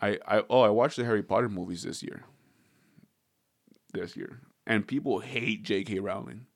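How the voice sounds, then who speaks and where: A man from Southern California rambles through a casual podcast chat. He swears freely and laughs often, and his voice sits a little low. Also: normal speed, vocal fry, no echo, studio quality.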